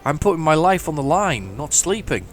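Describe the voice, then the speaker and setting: A man's voice: a little high, sing-song, moderate pace, a little hiss or hum. A man giving chatty, mock-heroic commentary while playing a driving game. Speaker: gaming channel host. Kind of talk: casual gameplay commentary.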